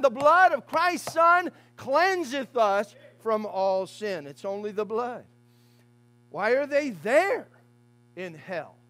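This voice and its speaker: A man preaching a fiery funeral sermon as pastor in a church, swinging from hushed asides to shouted lines. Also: sits high.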